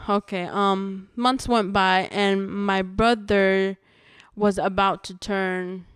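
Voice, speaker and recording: A young woman, a podcast guest, telling a personal testimony in casual conversation, earnest and halting with restarts. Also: medium pitch, little pitch movement, smooth, no echo, studio quality.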